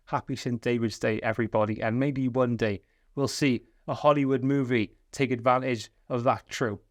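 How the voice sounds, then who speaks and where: A man's voice: mid-range voice, normal speed, no room sound, studio quality. A Welsh man hosting film commentary, sarcastic and profane, mocking the film. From Wales. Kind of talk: sardonic commentary.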